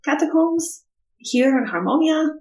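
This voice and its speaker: A woman playing a bard at a tabletop game, talking high with a lot of swing in her voice. She hesitates often, and the room rings around her. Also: lively intonation, unhurried, darkish tone, echoey room. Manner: hesitant, full of ums. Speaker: player.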